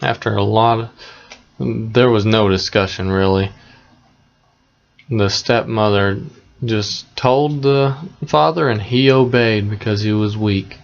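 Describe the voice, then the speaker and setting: A man retelling a fairy tale in a plain, conversational, unhurried way, with small asides to the listener. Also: fairly low pitch, fairly even intonation, vocal fry, highs cut off. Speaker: storyteller.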